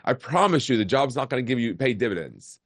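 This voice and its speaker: A man's voice: medium pitch, very animated, fast, no echo, studio quality. A man in his forties, a podcast guest, telling his life story in a casual, candid way and often repeating words. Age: 40s. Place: remote call.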